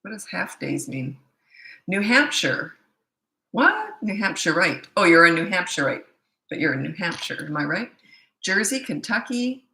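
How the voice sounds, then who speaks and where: Tired, chatty woman with a gravelly voice. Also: on the low side, big pitch swings, measured pace, pushed and bright. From Canada. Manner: chatty, reads out viewers' comments. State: tired, low energy. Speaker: parenting coach, livestream host. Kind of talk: casual livestream chat with viewers. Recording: echoey room.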